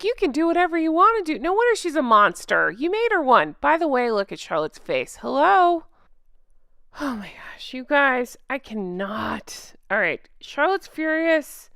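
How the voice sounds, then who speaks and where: A woman recaps a TV episode in an exasperated, sarcastic rant, breaking off mid-thought. Her voice is smooth and clear, and it swings widely up and down. The recording is dry and close. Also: on the high side, pushed and bright, dry recording. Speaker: show recap host. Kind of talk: ranting TV recap.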